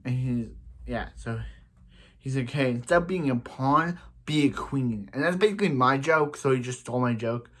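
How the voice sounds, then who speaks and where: A man's voice: mid-range voice, moderate pace. A man casually recapping a TV episode, rambling with many restarts and "he's like" retellings. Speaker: TV episode reviewer.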